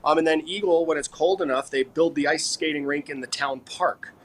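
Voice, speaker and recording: A man's voice: a little high, a little fast. Jokey man co-hosting a morning show. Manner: jokey, laughs often. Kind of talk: casual live-stream chat.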